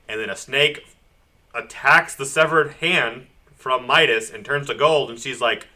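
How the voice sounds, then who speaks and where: Bright-voiced man joking through comic recaps. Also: mid-range voice. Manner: animated, acts out characters' lines in quick voices; laughs often, lots of "like". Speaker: podcast co-host. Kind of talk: casual comic book chat.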